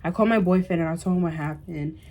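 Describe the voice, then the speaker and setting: A young woman vlogger telling a storytime tale in an animated way, full of "like" and "bro" and emphatic repeats. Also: on the low side, fast talker, background noise. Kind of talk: storytime vlog.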